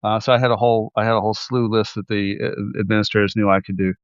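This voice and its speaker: A man hosting a casual interview, quick and joking. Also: on the low side, fairly even intonation, clear, resonant tone, dry recording. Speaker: host. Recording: dull lo-fi sound.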